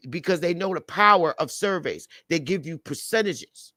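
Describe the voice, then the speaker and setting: A woman's voice: fairly low pitch, animated, moderate pace, hardly any pauses, bright, forceful tone, dry recording. A woman speaking as a panelist on a live stream, delivering a heated, blunt and profane rant over a video call. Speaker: livestream panelist.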